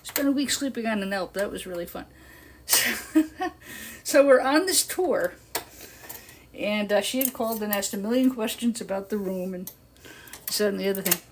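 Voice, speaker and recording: With a mid-range voice, normal speed, and long pauses, an older woman chats her way through a lengthy story while working on a live stream she hosts. She laughs a lot and turns animated when quoting others. The audio is clear but carries background noise and clicks.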